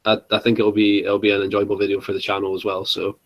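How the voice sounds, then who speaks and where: A man's voice: lowish voice, completely flat delivery, fast, poor audio. Young man, live-chat co-host, chatty and giggly, filler-heavy. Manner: chatty, laughs often, lots of fillers. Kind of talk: casual chat.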